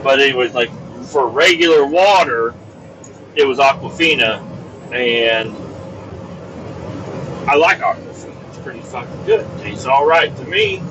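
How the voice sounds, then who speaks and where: A man hosting a podcast, rambling and cursing in an exasperated monologue from his car on the highway. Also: expressive, measured pace, long pauses. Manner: profane, rambling, exasperated rants. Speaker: podcast host. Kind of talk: casual rambling monologue while driving. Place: inside a moving vehicle on the highway. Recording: distant, dull mic with road noise. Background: car and road noise.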